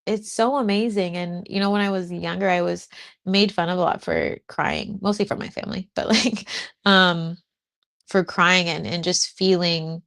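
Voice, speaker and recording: A woman's voice: fairly low pitch, creaky. A young adult woman, a spiritual business coach, talking casually and emotionally to her live audience, laughing often. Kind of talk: casual livestream talk to an audience.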